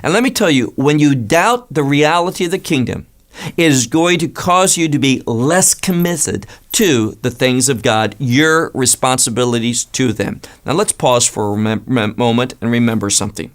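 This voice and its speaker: A man's voice: mid-range voice, normal speed. A man preaching a Bible lesson in an emphatic teaching style, with frequent restarts. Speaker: pastor.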